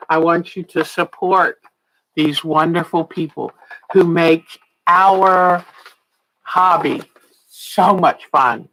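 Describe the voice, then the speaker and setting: A woman's voice: on the low side, a bit bright, low-quality recording. A woman in her sixties, a quilting teacher on a casual livestream, chatty and laughing often, a little tired and yawning. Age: 60s.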